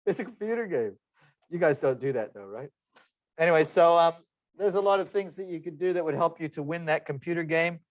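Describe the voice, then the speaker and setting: A man in his forties leads an online class, with a slightly high voice. He keeps the tone chatty and slips in self-deprecating jokes. His computer microphone gives a dry, close sound. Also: a little fast, no echo. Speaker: lecturer.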